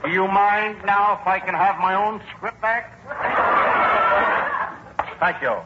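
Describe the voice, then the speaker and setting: Brief: man, high voice, indignant wisecracks, 1940s radio comedy, very hissy old broadcast. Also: steady tone, slow, lo-fi sound.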